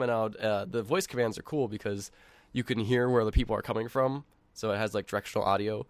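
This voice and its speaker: A man with a lowish voice who talks fast. He co-hosts a casual online podcast and rambles on, now and then acting out what other players say. His voice is close and dry. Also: steady tone, no room sound. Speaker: podcast co-host. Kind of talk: casual chat over an online call.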